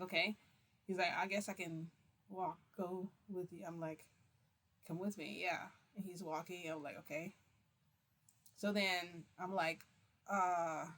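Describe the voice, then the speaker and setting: A woman's voice: on the low side, a bit bright. A woman telling a long personal story in a casual, rambling way, constantly switching into quotes with "I'm like" and "he's like.". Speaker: vlogger recounting a reality-shifting experience.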